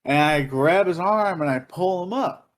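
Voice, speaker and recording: A man co-hosting a podcast, telling a story in casual chat, animated and profane, laughing and acting out other people's voices. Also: high voice, measured pace. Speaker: podcast co-host.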